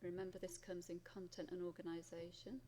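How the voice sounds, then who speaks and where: A woman's voice: fairly low pitch, level tone, a little fast, background noise. A woman with a Welsh English accent, an English teacher who reads a student's essay aloud and then comments on it as she marks it.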